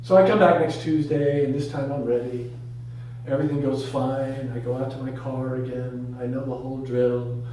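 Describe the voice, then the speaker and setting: A man's voice: normal speed, slight background noise. Middle-aged guy doing open mic stand-up, acts out all the voices, super echoey, kinda far from the mic. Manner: animated, acts out voices with big pitch jumps. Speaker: stand-up comedian. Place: room at a live open mic.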